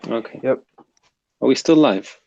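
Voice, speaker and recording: A man's voice: mid-range voice, animated, moderate pace, gravelly, warm tone, no room sound, lo-fi sound. A man with a South London accent hosting a casual livestream, reading viewer comments aloud and bantering. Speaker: livestream host reading chat.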